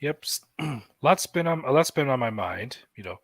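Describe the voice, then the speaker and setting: Man, halting talk, clears throat, dry close sound. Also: medium pitch, lively intonation, a bit bright, no room sound. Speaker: content creator guest. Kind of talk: casual group chat.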